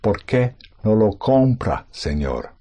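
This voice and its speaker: A man's voice: lowish voice, very animated, slow pace, mellow. A man as a student in a language lesson, hesitantly repeating phrases back.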